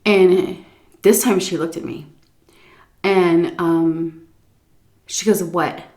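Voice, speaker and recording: A woman food vlogger telling a story while eating, animated, dropping to muttered asides and swearing casually. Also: fairly low pitch. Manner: pauses for chewing and stomach noises while talking.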